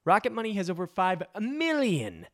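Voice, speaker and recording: A man's voice: high voice, wildly swooping pitch, normal speed, fairly bright tone, dry recording, studio quality. A man, the show's host, reading sponsor ads with an upbeat, emphatic delivery. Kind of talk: ad read.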